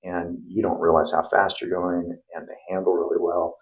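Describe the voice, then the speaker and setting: A man's voice: sits low, level tone, normal speed, rough recording. A middle-aged man, a former plumber turned investor, talking casually in an interview with lots of fillers and restarts. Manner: rambling, many restarts and fillers.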